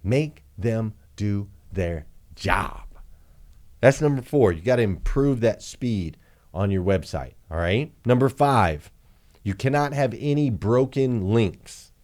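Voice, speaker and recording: A man's voice: mid-range voice, a little slow. Emphatic male business coach. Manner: energetic, emphatic, repeats points for punch. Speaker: dealership marketing coach. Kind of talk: motivational business training talk.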